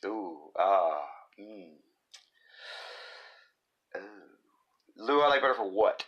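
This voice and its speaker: A man's voice: on the low side, expressive, takes it slowly, dull audio. A man on a casual comedy podcast, riffing and swearing freely. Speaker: podcast co-host.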